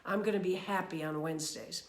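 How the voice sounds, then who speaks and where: A woman from New York giving a casual motivational talk about her weekly mantras, chatty and animated, with many fillers and restarts. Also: on the low side, brisk, roomy sound. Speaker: speaker sharing personal mantras.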